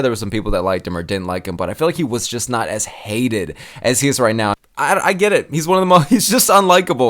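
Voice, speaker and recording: A man's voice: on the low side, smooth. A man hosting a casual fight-commentary tier list, talking in a heated, profane, slangy rant. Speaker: MMA commentary channel host.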